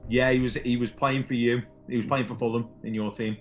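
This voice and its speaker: A man's voice: medium pitch, flat delivery, a little fast, faint music behind. A man hosting a podcast, asking quiz questions in a casual, chatty way and laughing often. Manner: chatty, laughs often, calls guest "mate". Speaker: podcast host.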